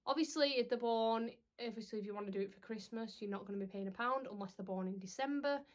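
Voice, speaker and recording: Chatty young mum vlogging. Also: female voice, a little high, fast. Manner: chatty and rambling, with frequent "um"s. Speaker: parenting vlogger. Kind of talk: casual chat to camera.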